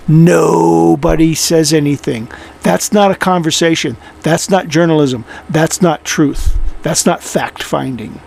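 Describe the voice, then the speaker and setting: Sarcastic high-voiced man mocking a clip. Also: unhurried, gravelly, hardly any pauses, a little mellow. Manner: mocking, incredulous, repeats himself, swears. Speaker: commentator reacting to a clip. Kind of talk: sarcastic reaction commentary.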